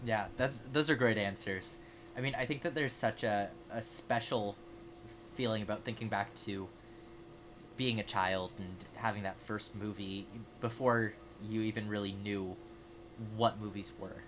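Young male podcast co-host, bright tone, animated storyteller, self-mocking. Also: lowish voice, a little slow, a little hiss or hum. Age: 20s. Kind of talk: casual chat, storytelling.

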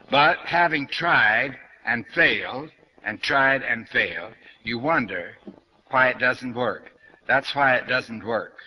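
Blunt older man lecturing, bright tone. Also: medium pitch, rough recording. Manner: blunt, questioning, speaks straight to listeners. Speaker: New Thought lecturer. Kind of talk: spiritual lecture to an audience.

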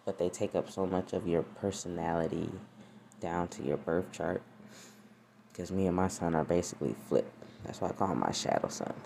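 A woman's voice: very deep voice, warm tone, a little hiss or hum. A woman hosting her own podcast, chatting casually and rambling with profane, laughing asides. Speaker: podcast host. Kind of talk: casual solo podcast chat.

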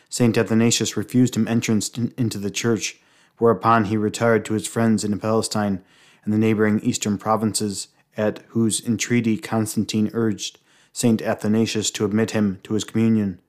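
A man reading aloud from a book on the life of a saint, steady and measured, with small slips and restarts. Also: lowish voice. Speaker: reader.

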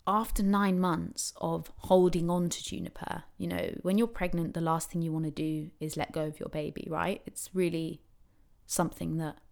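A young woman tells a personal story in a relaxed, chatty way. Her voice is animated, leaping up high when she acts out what others said. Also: normal speed, creaky. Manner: animated, acts out quotes with big pitch swings. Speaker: new mother telling her birth story. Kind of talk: casual spoken storytelling.

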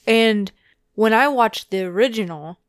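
A woman's voice: fairly high pitch, unhurried, clear, resonant tone, dry recording. A woman co-hosting a casual chat, blunt and opinionated, often answering in short replies.

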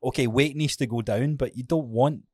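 A man's voice: mid-range voice, moderate pace, darkish tone, no room sound. A man with a Scottish accent, a fitness coach co-hosting a casual podcast, talking frankly, swearing often and acting out his own stories.

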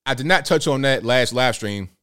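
Smooth-voiced man hosting a live stream. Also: mid-range voice, moderate pace, fairly bright tone. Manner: folksy slang, talks to viewers directly. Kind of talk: casual commentary live stream.

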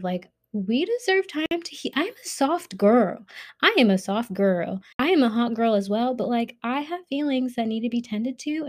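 On her own podcast, a young adult woman rambles candidly about her week in a casual monologue. Her voice is warm and medium-pitched, but she sounds agitated, shaken, and heated.

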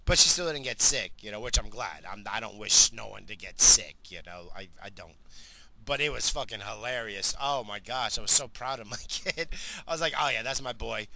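A man's voice: lowish voice, lively intonation, normal speed, creaky, bright, forceful tone, poor audio. A middle-aged man telling a rambling, profane story about his family in a casual vlog. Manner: rambling, profane, lots of fillers. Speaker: vlogger, father.

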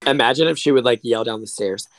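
A man's voice: medium pitch, fast, low-quality recording. A man co-hosting a casual podcast, teasing his friend with blunt, profane jokes. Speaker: podcast co-host.

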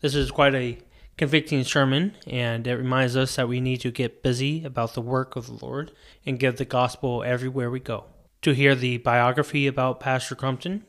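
A man hosting a podcast, giving an earnest, steady scripted introduction. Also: mid-range voice. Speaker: podcast host.

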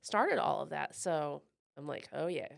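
A woman co-hosting a podcast in casual chat, animated and self-deprecating, laughing often. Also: sits low, measured pace, gravelly. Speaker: podcast co-host.

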